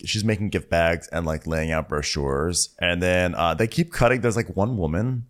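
A man's voice: deep voice, moderate pace. A man hosting a podcast, retelling a show in an amused, storytelling casual chat. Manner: amused, storytelling, laughing often. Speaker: podcast host. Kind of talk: casual comedic recap.

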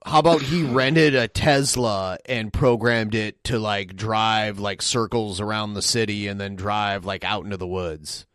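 A man's voice: lowish voice, steady tone, measured pace, few pauses, fairly bright tone, no echo. Podcast host man, dry close voice. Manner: loose, off-the-cuff reactions. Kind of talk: casual chat.

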